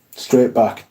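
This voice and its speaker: A man with a mellow, warm, relaxed voice hosts a casual livestream from home. He rambles, swears freely and reads viewer comments aloud between his own asides. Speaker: fragrance livestream host.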